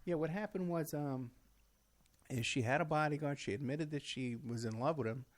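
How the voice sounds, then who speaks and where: A man's voice: a little high, moderate pace. A man who is a guest in a casual conversation, agreeing often and laying out details with hesitant fillers.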